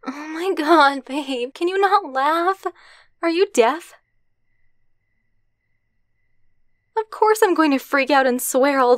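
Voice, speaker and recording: A young woman voicing a brash, foul-mouthed tsundere girlfriend who swears a lot and turns gruff and embarrassed by turns, in an ASMR roleplay voice message on a close mic. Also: high voice, dry recording, natural voice. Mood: flustered.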